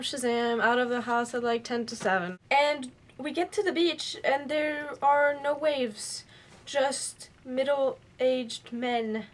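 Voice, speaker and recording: Young woman vlogging, chatty and bubbly, kinda high voice. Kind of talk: casual vlog chat.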